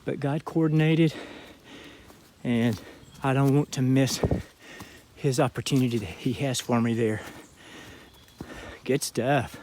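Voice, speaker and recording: A man with a Southern Georgia accent telling a story outdoors as he hikes, in a relaxed, reflective vlog manner. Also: medium pitch, slow pace, a little hiss or hum. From southern Georgia, USA. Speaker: thru-hiker vlogger. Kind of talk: casual trail vlog talk. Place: outdoors on a hiking trail.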